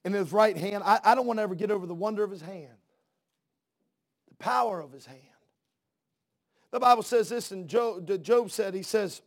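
A man preaching a sermon in church, swinging from hushed soft words to loud fervent outbursts and restarting words as he builds. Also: sits high, normal speed, long pauses.

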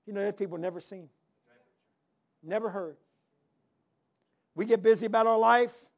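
Gravelly sixty-something preacher, high voice. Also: male voice, moderate pace. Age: 60s. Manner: emphatic, repeats phrases, calls amen and hallelujah; folksy, drawls "man" and "ain't". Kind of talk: sermon.

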